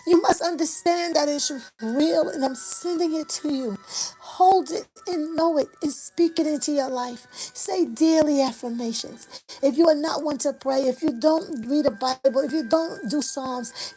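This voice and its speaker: Woman, 50s, livestream host, high pitch, fervent affirmation-heavy delivery, faint music behind. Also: moderate pace, dark tone, rough recording. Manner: impassioned, preacher-like cadence with repeated affirmations. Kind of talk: motivational livestream talk.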